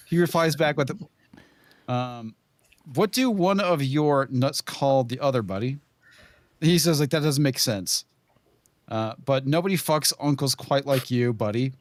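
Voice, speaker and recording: A man's voice: medium pitch, measured pace, dry recording. A man hosting a casual comedy talk show, reading out silly texts and laughing while he talks. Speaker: podcast host.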